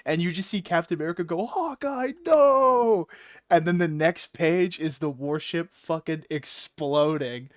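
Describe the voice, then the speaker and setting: A man hosting a casual comic book chat, animated, swearing and laughing a lot. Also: on the high side, moderate pace, few pauses, no room sound, clean studio sound. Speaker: podcast host.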